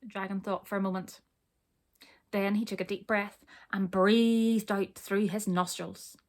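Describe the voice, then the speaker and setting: Lady reading a kids' story out loud, lively, asks the kids questions. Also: medium pitch, unhurried. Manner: expressive, asks the listeners questions. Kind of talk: reading a children's storybook aloud.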